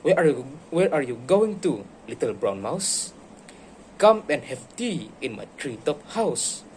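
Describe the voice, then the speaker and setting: Hooting fussy storybook owl voiced by a man, high, sing-song, slow and careful. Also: sing-song, a little mellow, slight background noise. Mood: inviting. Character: wise old owl, male, fussy.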